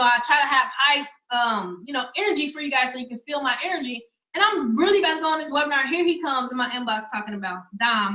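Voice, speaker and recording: A woman trainer giving an energetic, chatty sales presentation to her audience, speaking. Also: fairly high pitch, roomy sound, dull audio. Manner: energetic, chatty, addresses audience as y'all and guys. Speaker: online business trainer.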